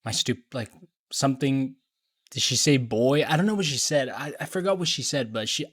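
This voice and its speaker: A man's voice: medium pitch, moderate pace, a bit bright, breathy edge, no echo, studio quality. A young man casually reviewing a show on his channel, rambling with swearing, just woken up. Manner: rambling, loose with fillers and swearing. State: just woke up. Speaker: video reviewer.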